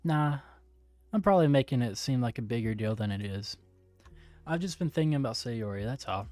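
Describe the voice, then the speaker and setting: A man's voice: medium pitch, expressive, a little fast, a little mellow, dry recording, faint music behind, lightly acted. A man voicing a worried teen boy, reading his lines plainly and earnestly.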